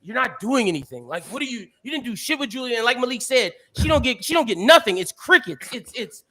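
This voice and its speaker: A man's voice: very high-pitched, sing-song, quick pace, sharp tone. A young man co-hosting a casual podcast, ranting animatedly and swearing a lot. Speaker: podcast co-host.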